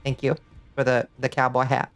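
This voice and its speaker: A woman's voice: extremely low pitch, monotone, normal speed, soft background music. A woman streaming a video game, chatting casually with her viewers, laughing often and thanking them as she plays.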